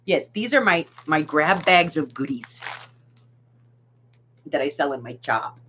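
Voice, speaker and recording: Craft vlogger, woman with a sore throat, animated and chatty, muffled home recording. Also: deep voice, unhurried, breathy edge. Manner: chatty, talks to viewers, laughs often. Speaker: craft shop owner and vlogger. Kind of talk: casual chat while crafting. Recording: dull lo-fi sound with faint hiss.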